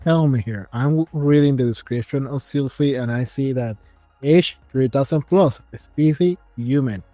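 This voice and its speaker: A man's voice: mid-range voice, moderate pace, dark tone, dry recording, soft background music. A man hosting an interview, chatting casually and joking, laughing at his own stories. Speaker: interview host.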